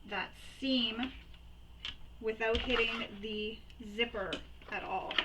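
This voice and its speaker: Higher-voiced woman explaining sewing steps. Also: fairly even intonation, takes it slowly, long pauses, muffled recording, background noise. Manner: chatty, repeats and recaps steps. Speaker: sewing tutorial host. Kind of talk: step-by-step sewing tutorial.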